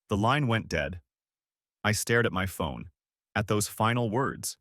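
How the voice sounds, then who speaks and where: A man narrating a first-person revenge story audiobook in a calm, grim manner. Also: lowish voice, a little slow, pauses often, no echo, clean studio sound.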